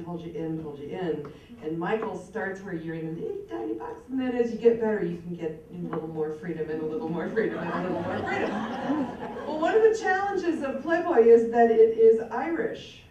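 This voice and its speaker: Wry woman telling stories in an echoey hall. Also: mid-range voice. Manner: self-mocking, wry storyteller. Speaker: alumna giving a tribute speech. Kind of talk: anecdotal speech to an audience. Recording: echoey hall, mic far off.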